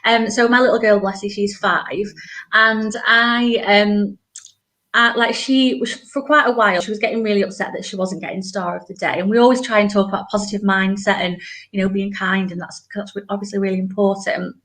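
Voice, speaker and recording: A woman's voice: mid-range voice, fairly even intonation, brisk, fairly bright tone. A woman chatting casually and emotionally, with lots of fillers and restarts. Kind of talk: casual chat.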